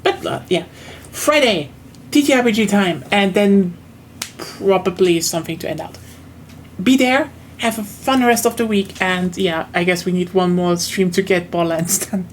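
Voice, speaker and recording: Woman, German accent, young adult, streamer, rambling casual chat, middle pitch, faint background hum. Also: moderate pace. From southern Germany. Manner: rambling, many fillers and restarts. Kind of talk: casual chat while gaming.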